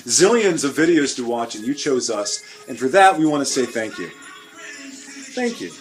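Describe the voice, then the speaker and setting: A man's voice: medium pitch, sing-song, normal speed, faint music behind. A man hosting a comedy sketch show, rambling and joking in a mock-pompous manner.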